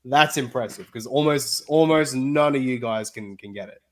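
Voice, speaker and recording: A man's voice: medium pitch, moderate pace. A man with an Australian accent, a guest on a video call, telling stories in a chatty, rambling way. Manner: chatty storyteller, rambling with fillers. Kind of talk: casual interview chat.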